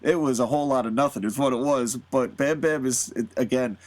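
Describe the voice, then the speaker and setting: A man's voice: mid-range voice, fairly quick. A man hosting a podcast, talking casually and at length, rambling with many fillers and frequent laughs. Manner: rambling, animated, laughs often, lots of fillers. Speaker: podcast host. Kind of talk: casual solo commentary.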